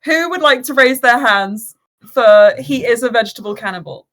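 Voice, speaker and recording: A woman's voice: on the high side, animated, normal speed, a bit bright. A woman running a tabletop game as game master, casual and giggly.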